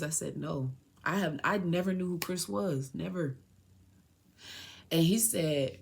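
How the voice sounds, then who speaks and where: Her voice sits on the lower side, a touch bright, at an ordinary pace. As host of her podcast, this young woman shares a hurtful chapter of her life in frank, slangy terms, acting out what people said, and her emotion sometimes brings her near crying.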